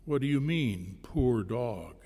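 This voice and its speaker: A stubborn, matter-of-fact dog, as a preacher puts him on in a sermon story. The voice is gravelly and slow, with flat, unbothered replies. It rings with the long reverb of a large hall. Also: male voice, mid-range voice, heavily acted.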